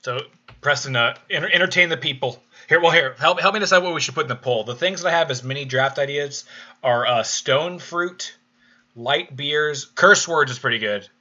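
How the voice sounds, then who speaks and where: A man's voice: on the high side, moderate pace, bright, forceful tone, highs cut off. A man co-hosting a live stream podcast, chatting casually with hesitant restarts while running the chat.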